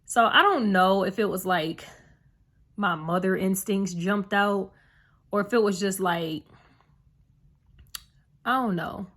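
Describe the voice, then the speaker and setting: A woman's voice: medium pitch, slow, long pauses, a bit bright. A young woman vlogging to camera, telling a personal story in a rambling, earnest way full of fillers. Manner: emotional, heartfelt retelling.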